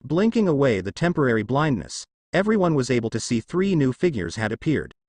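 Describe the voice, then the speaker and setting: A man reading a fan fiction story aloud, moving briskly through the narration and lifting his voice a little for the quoted lines. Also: mid-range voice, very animated, darkish tone, no echo.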